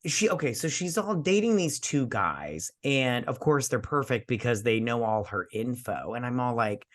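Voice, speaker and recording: A man's voice: mid-range voice, lively intonation, normal speed. A tipsy man co-hosting a casual movie review chat, blunt, crude and rambling. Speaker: podcast co-host.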